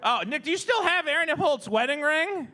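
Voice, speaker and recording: A man on a podcast, chatting crudely and excitedly. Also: extremely high pitch, moderate pace. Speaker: podcast co-host. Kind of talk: casual crude banter.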